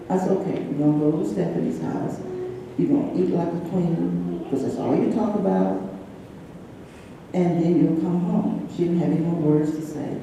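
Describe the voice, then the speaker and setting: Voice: mid-range voice, moderate pace, long pauses, dark tone, a little hiss or hum. A person in their sixties giving a personal eulogy for a close friend, telling stories in a shaky, emotional voice at a church memorial service. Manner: shaky, emotional, chatty storyteller. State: trembling with emotion. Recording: echoey church hall from far off.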